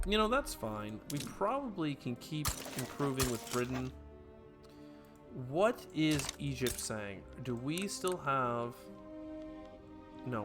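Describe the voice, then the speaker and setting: A man narrates his strategy game as he plays, switching between loud, excitable hype and low asides to himself. Game music plays clearly under his voice the whole time. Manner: excitable, hyped outbursts dropping to mutters. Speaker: let's play gamer. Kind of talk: gameplay commentary. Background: game background music.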